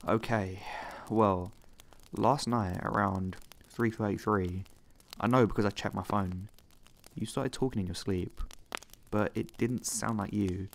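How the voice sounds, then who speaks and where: A man voicing a frightened young woman recounting a night's events in a hesitant, hushed way. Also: fairly low pitch, fairly even intonation, unhurried, vocal fry, a little hiss or hum. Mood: uneasy.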